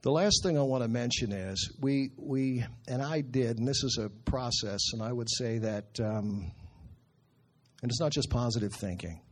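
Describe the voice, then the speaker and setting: Earnest husky-voiced man preaching. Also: mid-range voice. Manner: earnest, conversational, quotes scripture slowly. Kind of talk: sermon.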